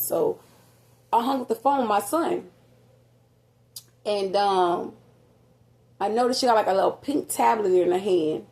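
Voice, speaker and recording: A woman with a grown son, casually telling her viewers a story, rambling and animated with many fillers, in a nearly empty apartment with a slight echo. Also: medium pitch, normal speed, pauses often. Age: adult with a grown son. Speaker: vlogger.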